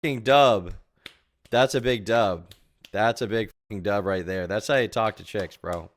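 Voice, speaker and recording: A man streaming a reaction to a video, talking casually, loudly and profanely, laughing often and repeating himself. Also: fairly low pitch, normal speed, a little hiss or hum. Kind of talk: casual live reaction chat.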